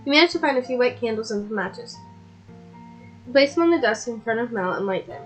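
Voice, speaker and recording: A woman streamer who is sick and sounds rough, casually reading a game's narration and characters aloud with chatty asides. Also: a little high, expressive, brisk, fairly bright tone, faint music behind, poor audio. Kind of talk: live-streamed game reading.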